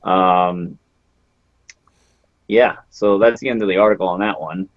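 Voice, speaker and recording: A man's voice: deep voice, fairly even intonation, unhurried, no echo. A man co-hosting a casual paranormal podcast over a remote call, reading out news and viewer comments in a dry, exasperated way. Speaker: podcast co-host. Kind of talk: casual live-stream chat. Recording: muffled remote connection.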